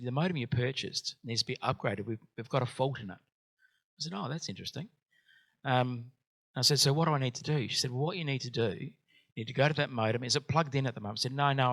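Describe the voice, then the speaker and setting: A man with a fairly low, sharp-toned voice hosts a business workshop, sharing a personal story. He sounds hesitant, filling his speech with lots of ums and uhs.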